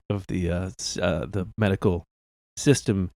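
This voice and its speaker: A man hosting a comedy podcast, improvising as a doctor in a deadpan, halting way full of restarts. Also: sits low, creaky, no room sound.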